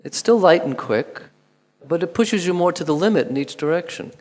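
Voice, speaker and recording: A man calmly guiding a movement lesson, giving instructions with pauses and counted beats. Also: a little high. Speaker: movement teacher. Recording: long hall reverb.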